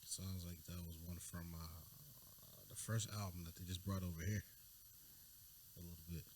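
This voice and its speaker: A man co-hosting a casual music review podcast, relaxed, often checking in with "you know what I mean?". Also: low-pitched, moderate pace, a little hiss or hum. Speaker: podcast co-host.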